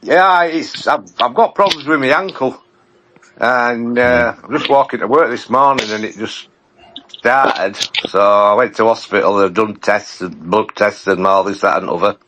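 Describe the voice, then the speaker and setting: A man, a podcast regular, talking plainly in halting casual chat with many restarts. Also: on the low side, background noise. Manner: plain-spoken, halting, repeats himself.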